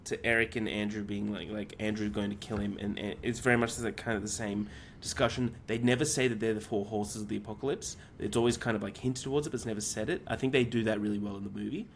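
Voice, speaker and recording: Podcast co-host, male, lowish voice, rambling casual recap, fillers and swearing. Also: fairly even intonation, fast, a little hiss or hum. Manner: rambling plot retelling with many fillers. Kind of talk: casual film discussion.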